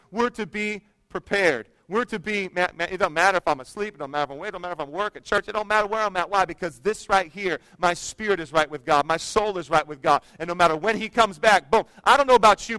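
A man's voice: fairly high pitch, sharp tone, dry recording, poor audio. A young adult man, a pastor, preaching a sermon in a conversational way that builds to emphatic proclamation.

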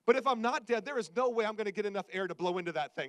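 A man preaches in a fairly high voice, with animated, self-mocking humor that keeps the sermon conversational. He talks to his congregation as if chatting with friends. The sound is dry and close. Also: fast talker, no room sound. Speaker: pastor. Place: church service before a congregation.

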